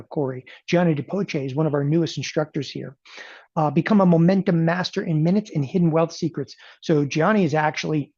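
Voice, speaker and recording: A middle-aged man giving a casual, emphatic sales talk for a trading event, rambling and often clearing his throat and tossing in "okay?" asides. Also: a little high, a little mellow, no room sound, muffled recording. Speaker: trading educator promoting a live event.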